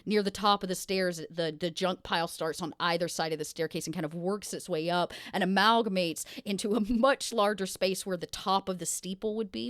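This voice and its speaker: A woman narrating a tabletop game as game master, chatty and quick to laugh. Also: on the low side, a bit bright, no room sound, studio quality.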